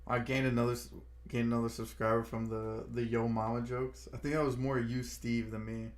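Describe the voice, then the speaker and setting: A man's voice: mid-range voice, level tone, fairly quick. A man chatting casually on a live stream, joking around and trying out silly accents.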